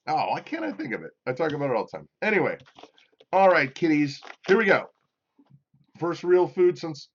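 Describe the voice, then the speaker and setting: Chatty middle-aged man, higher voice, lo-fi audio. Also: big pitch swings, fairly quick. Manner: rambling, chatty, reads out viewer comments. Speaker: livestream host. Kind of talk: casual live-stream chat.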